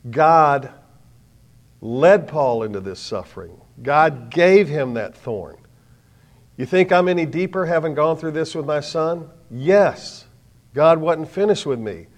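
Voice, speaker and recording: An older man preaching a sermon, telling a story dramatically and swinging from hushed tones to loud ones. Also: fairly high pitch, animated, slow pace.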